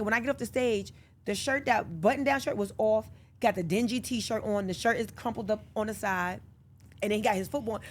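A woman's voice: mid-range voice, a little hiss or hum. A woman in her thirties, a podcast guest, chatting casually in a studio and acting out family dialogue as she tells stories. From New York. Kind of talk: casual chat.

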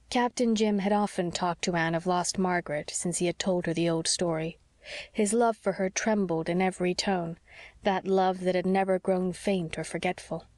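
A woman reads a classic novel aloud in a calm, measured way, her voice a little low. The recording is close and dry, with no room around it. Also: dry recording. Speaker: audiobook narrator. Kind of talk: scripted narration.

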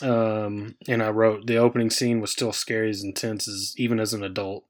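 A man's voice: on the low side, level tone, brisk. A man in his thirties co-hosting a podcast, talking loosely with lots of fillers and restarts. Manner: loose, rambling with many fillers. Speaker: podcast co-host. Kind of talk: casual chat.

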